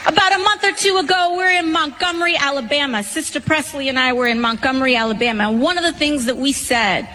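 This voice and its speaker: A woman giving a fiery rally speech with a preacher-like cadence, shouting out her lines. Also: sits high, fast talker, hardly any pauses, slight background noise. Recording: live rally with loud crowd and music.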